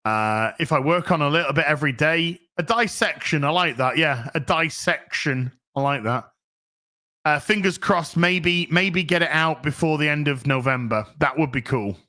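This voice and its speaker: A man's voice: on the high side, normal speed, bright, forceful tone. A man hosting a casual livestream, reading out chat messages and rambling with many restarts and frequent swearing. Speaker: streamer host reading chat.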